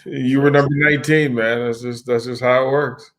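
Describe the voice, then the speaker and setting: A man co-hosting a casual talk show, relaxed and repeating words as he starts a thought. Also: medium pitch, moderate pace. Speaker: podcast co-host. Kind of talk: casual chat.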